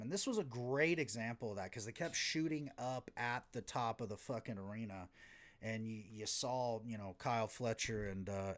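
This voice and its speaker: A man hosting a podcast, recapping wrestling casually, rambling and sarcastic, swearing often. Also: fairly low pitch. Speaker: podcast host.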